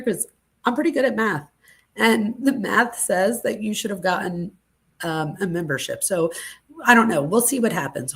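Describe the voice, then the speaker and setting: A woman chats casually on her channel's live stream, thanking her viewers with emotional gratitude. Her voice has a gravelly fry at mid pitch, and she sounds teary, close to crying. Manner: gushing, thankful, easily moved. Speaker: true crime channel host. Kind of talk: casual livestream chat.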